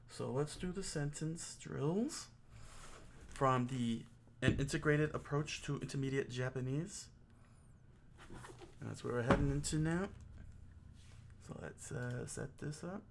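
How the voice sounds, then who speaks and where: Slow, jokey man drilling vocabulary. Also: medium pitch, creaky, slight background noise. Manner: jokey, thinking aloud, with self-corrections. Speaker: streamer teaching himself Japanese. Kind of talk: casual self-study stream.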